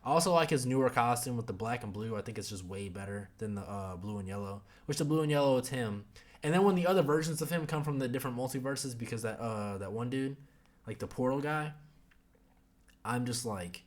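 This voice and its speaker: A man's voice: mid-range voice, animated, brisk. A young man hosting a podcast, chatting casually about a show in a rambling, profane way full of fillers. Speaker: podcast host. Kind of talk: casual review chat.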